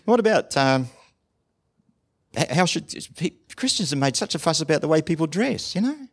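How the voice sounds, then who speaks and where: A New man preaching in a chatty, conversational sermon. His pitch leaps up and down in a very animated way, and he keeps asking the congregation questions. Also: normal speed. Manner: acts out short dialogues in different voices. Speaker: pastor.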